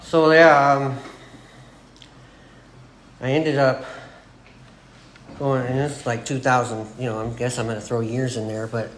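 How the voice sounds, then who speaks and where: A man's voice: mid-range voice, flat delivery, measured pace, long pauses, fairly bright tone. A man in his forties telling his personal recovery story to a group, rambling and laughing at himself as he acts out what people said. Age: 40s. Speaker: AA meeting speaker. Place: meeting room. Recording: echoey room with background noise.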